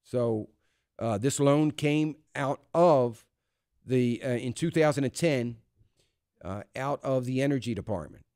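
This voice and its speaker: Talk radio host, man, mid-pitched, emphatic and chatty, close mic in a dry studio. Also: unhurried, a little mellow, dry recording. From United States. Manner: conversational, emphatic, with frequent fillers and restarts.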